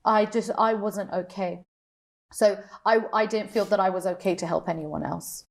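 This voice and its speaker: Woman, young adult, panel guest, emotional, halting, personal testimony. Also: mid-range voice, fairly even intonation, gravelly. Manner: emotional, halting, repeats herself.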